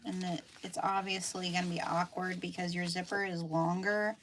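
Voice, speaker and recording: A middle-aged woman with a Pennsylvania Dutch accent, chatting as she sews through a live tutorial and thinks out loud about each step. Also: fairly low pitch, flat delivery, normal speed. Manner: chatty, thinking aloud while sewing. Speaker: sewing instructor. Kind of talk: live sew-along tutorial. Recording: noisy room with machine clicks.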